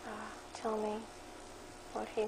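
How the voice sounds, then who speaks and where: A woman reading her own dream account aloud from her blog in a flat monotone, then adding religious commentary in a firmer voice. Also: medium pitch, slow pace, noisy background. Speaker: Christian blogger reading her dream journal.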